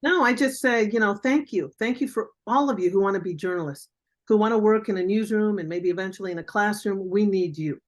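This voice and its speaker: Brisk and mid-range, the voice belongs to an older woman who spent her career in journalism. Guesting on a video-call mentoring interview, she delivers career advice bluntly and with emphasis.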